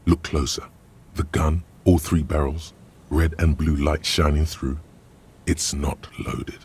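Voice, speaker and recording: A male voice actor narrating a video game as a grave, measured inner voice describing the scene. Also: very deep voice, a little hiss or hum, exaggerated voice. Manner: calm, descriptive, commanding.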